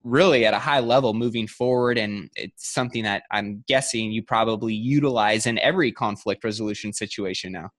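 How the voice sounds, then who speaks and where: A man's voice: fairly low pitch, fairly quick, hardly any pauses, a bit bright, no echo. A man hosting an interview podcast. He reflects on his guest's story in an affirming way. His voice is close and dry. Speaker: podcast host. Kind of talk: interview conversation.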